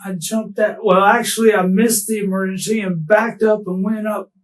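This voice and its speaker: A distraught, tearful man being interrogated, talking haltingly and restarting his sentences. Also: sits high, fairly even intonation, far from the mic, low-quality recording. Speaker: murder suspect under interrogation. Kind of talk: police interrogation.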